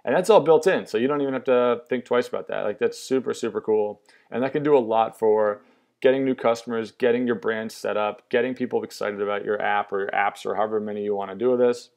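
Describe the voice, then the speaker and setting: Young man, enthusiastic app walkthrough, slightly low voice, casual, upbeat. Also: fast talker, vocal fry, darkish tone. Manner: upbeat, enthusiastic, lots of fillers and restarts. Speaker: app demo presenter. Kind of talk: casual product demo walkthrough.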